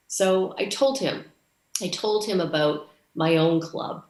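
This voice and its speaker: A woman's voice: low-pitched, unhurried, a little mellow, echoey room. A woman from Canada giving a conference speech, telling a story and acting out the dialogue. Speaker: conference speaker.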